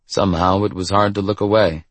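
A man narrating a novel in a measured, steady reading. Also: low voice, dry recording. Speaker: audiobook narrator. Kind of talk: scripted narration.

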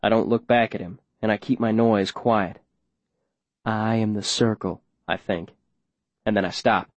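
A man's voice: lowish voice, steady tone, normal speed, no room sound, highs cut off. A man narrating an audiobook in the first person, with plain, tense storytelling.

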